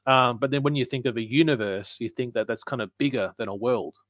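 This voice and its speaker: A man's voice: medium pitch, steady tone, fairly quick, a bit bright, no echo. A man co-hosting a casual wrestling chat, talking things through in an analytical, explaining way. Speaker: podcast co-host.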